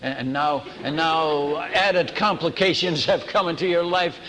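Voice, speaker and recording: Animated storytelling missionary preacher, man. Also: a little high, a little slow, long reverb tail, a crowd in the background. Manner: animated, acts out dialogue, many restarts. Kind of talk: storytelling sermon.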